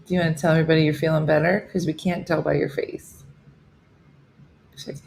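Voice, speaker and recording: A woman's voice: low-pitched, little pitch movement, fairly quick, vocal fry, darkish tone, a little hiss or hum. A woman in her fifties hosting a casual live morning chat, joking and answering viewers by name. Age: 50s. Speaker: host of a live morning show. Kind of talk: casual live-stream chat reading comments.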